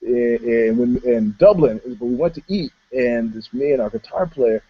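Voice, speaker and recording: A man co-hosting a podcast, telling stories in casual chat in an animated, laughing way. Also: medium pitch, moderate pace, husky, lo-fi sound. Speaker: podcast co-host.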